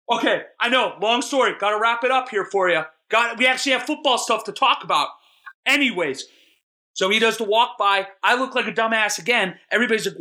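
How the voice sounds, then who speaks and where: A young man co-hosting a podcast, telling a long rambling story in a self-mocking, excitable way. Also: high voice, a little fast. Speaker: podcast co-host. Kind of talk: casual storytelling chat.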